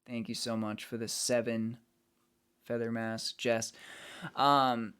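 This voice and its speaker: A man's voice: medium pitch, level tone, slow pace, fairly bright tone, clear, resonant tone. A man streaming, chatting casually with his viewers and greeting them as he reads the chat. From United States.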